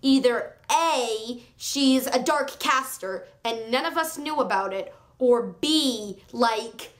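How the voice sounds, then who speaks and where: A woman reviewing a book on her video channel, chatting in a gushing, excitable way with sarcastic asides. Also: a little high, slow pace. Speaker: book vlogger.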